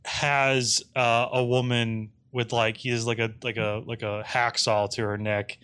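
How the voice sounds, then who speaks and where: A man's voice: medium pitch, flat delivery, a little slow, bright, forceful tone, clear, resonant tone. A man co-hosting a podcast in casual comedic chat, rambling with many fillers and restarts. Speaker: podcast co-host.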